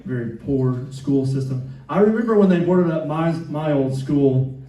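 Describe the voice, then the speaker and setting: This Atlanta stand-up comic, a man in his fifties with a Southern accent, delivers a rambling, self-mocking set to a live club audience. He speaks unhurriedly in a fairly high, warm voice. The lo-fi recording is echoey, with a distant mic and crowd laughter.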